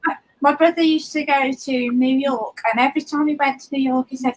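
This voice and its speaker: A woman's voice: high-pitched, steady tone, brisk, rough recording. A woman chatting and giggling with friends on a casual live stream.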